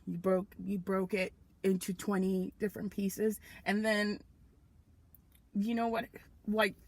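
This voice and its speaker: A woman of about thirty from Nigeria, speaking with an American accent, co-hosting a comedy podcast and telling a story with animated, self-mocking energy. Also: medium pitch, a little slow. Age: around 30. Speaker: podcast co-host. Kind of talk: comedic casual chat.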